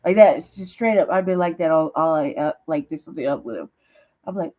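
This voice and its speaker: Woman, mellow warm tone, casual teasing chat, frequent laughter, loose profanity. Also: low voice, lively intonation, fast talker, rough recording. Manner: teasing, laughs often, swears freely. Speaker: streamer.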